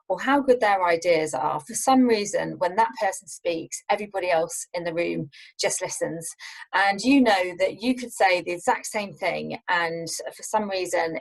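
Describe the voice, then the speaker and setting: A young adult woman coaching on public speaking, her voice sitting a little low for a woman. She talks to camera in a measured, deliberate way and closes her sentences on firm downward endings. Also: low-quality recording. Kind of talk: scripted tips to camera.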